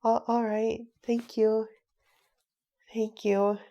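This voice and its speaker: A woman reading a storybook aloud, voicing a gentle, lonely man who speaks softly and haltingly. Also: fairly high pitch, level tone, lo-fi sound. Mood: moved. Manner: soft, halting and grateful. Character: gentle lonely Korean man far from family.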